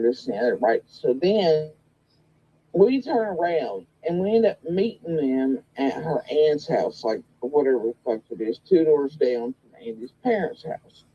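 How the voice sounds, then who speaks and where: A woman's voice: sits low, unhurried, slightly rough, dull audio. A woman telling a long gossip story in a casual, rambling way, full of swearing and quoted retorts. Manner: profane, rambling and animated. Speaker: guest in a recorded conversation.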